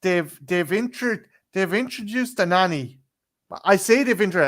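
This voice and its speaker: A man's voice: high voice, measured pace, a bit bright. A man co-hosting a casual film review, recapping the plot with sarcastic, profane remarks. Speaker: podcast co-host.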